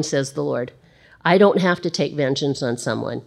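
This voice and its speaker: A woman teaching a Bible study, with conversational, expressive asides between readings. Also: rumbling low, moderate pace, gravelly.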